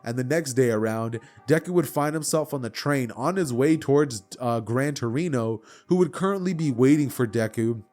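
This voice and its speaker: A man's voice: medium pitch, normal speed, few pauses, soft background music. A young man telling a made-up anime story in a chatty, slangy way. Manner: slangy, chatty, animated retelling. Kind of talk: casual storytelling.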